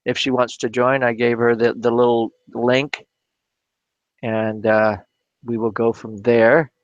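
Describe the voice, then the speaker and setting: Male crafting-stream host, halting and chatty, lo-fi dry sound. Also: medium pitch, little pitch movement, no room sound. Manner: halting, with frequent restarts and repeated words. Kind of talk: casual live-stream chat while crafting.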